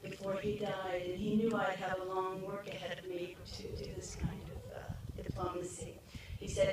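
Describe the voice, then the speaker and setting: A middle-aged woman giving an earnest, heartfelt speech at an outdoor memorial ceremony, pausing often as she speaks into a podium microphone. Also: medium pitch, little pitch movement. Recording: echoey PA from far off, noisy.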